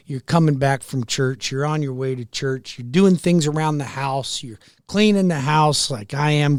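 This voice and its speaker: Older male radio host, earnest and folksy, mid-pitched, dry close studio sound. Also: no room sound. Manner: earnest, folksy, repeats phrases. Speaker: radio show host and mortgage lender. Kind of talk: talk radio monologue. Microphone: studio microphone.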